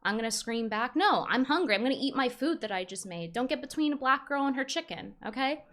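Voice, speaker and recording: High-pitched young woman ranting on stream, frustrated, keeps restarting her sentences. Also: lively intonation, a little fast, fairly bright tone. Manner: rambling, frustrated, many restarts. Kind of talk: casual stream commentary.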